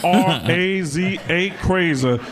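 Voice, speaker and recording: Guy doing a mushy-mouthed grumpy basketball commentator, eats his vowels, loud crowd behind. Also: sits high, slow. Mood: rambling. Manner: slurred, drops vowels, draws words out. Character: impression of a gruff male basketball analyst, grumbling. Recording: live stand-up clip with loud crowd.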